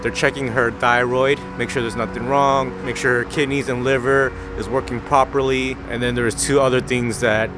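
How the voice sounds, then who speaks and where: A young man vlogging from his car and a clinic, talking earnestly to camera and softly to his baby. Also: mid-range voice, little pitch movement, moderate pace, hardly any pauses, noisy background. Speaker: father vlogging his baby's doctor visit. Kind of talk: casual vlog talk to camera. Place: parked car, then a clinic. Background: music.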